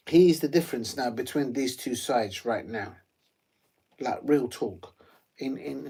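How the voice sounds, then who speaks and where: A man hosting a live football watch-along, chatty and rambling with many fillers and sudden bursts of excitement. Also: mid-range voice.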